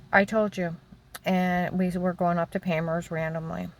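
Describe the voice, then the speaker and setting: A woman's voice: on the low side, level tone, slight background noise. Older woman, rambling emotional testimony. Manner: rambling, emotional, halting storytelling. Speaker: storyteller recounting her own life. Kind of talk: personal testimony monologue.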